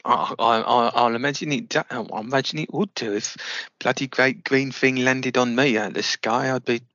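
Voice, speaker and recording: A man's voice: mid-range voice, fairly even intonation, normal speed, sharp tone, dry recording, lo-fi sound. A British man interviewing a guest, hesitant and stammering, cracking jokes in an improvised comedy chat.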